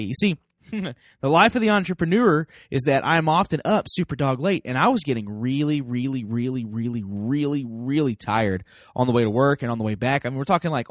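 Lively, folksy man with a dry sound. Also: medium pitch, no room sound. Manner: animated, folksy, acts out quoted voices. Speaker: parenting podcast host. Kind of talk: casual talk to listeners.

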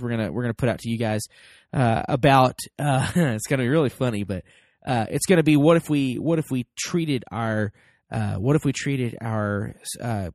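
An American man hosts a parenting podcast, delivering an emphatic motivational talk to his listeners in a mid-range voice. He acts out both sides of small everyday dialogues, captured in a dry, clean studio recording.

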